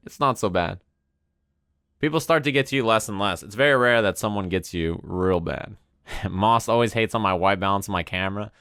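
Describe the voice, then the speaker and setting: A man's voice: lowish voice, normal speed, a bit bright, clean tone, no echo, clean studio sound. A man in his twenties chatting casually on a stream, laid-back, rambling and profane, often tagging "right?" onto his sentences. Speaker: streamer and fighting game commentator. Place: home room with a window.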